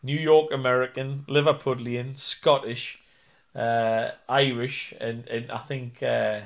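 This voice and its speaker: A man's voice: mid-range voice, flat delivery, slow pace, vocal fry. A man with a Geordie accent, an actor and singer chatting in an interview, self-deprecating and full of fillers. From North East England. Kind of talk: casual interview chat.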